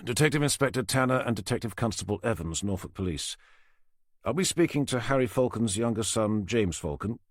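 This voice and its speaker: A man voicing a calm police inspector who questions in a measured, dry, firm way. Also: on the low side, dry recording.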